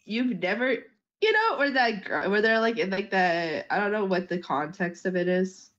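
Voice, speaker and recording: A woman's voice: mid-range voice, lively intonation, moderate pace, a bit bright, lo-fi sound. A woman gaming with a friend, chatting loosely and giggling, with lots of "like". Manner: rambling, giggly, full of "like". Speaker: co-streamer. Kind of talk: casual chat while gaming.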